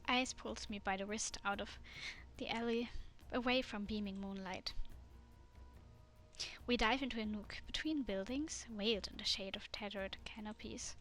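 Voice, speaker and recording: Bright-voiced woman streamer reading aloud. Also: medium pitch, moderate pace, faint music behind. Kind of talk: reading a dating game aloud.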